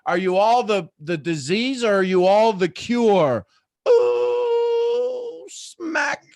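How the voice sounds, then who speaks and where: Male motivational host, high voice, preachy, big swings in energy, dry booth sound. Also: unhurried, no room sound. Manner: preachy, swings between soft asides and loud excited bursts. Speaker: host of a live morning motivational show.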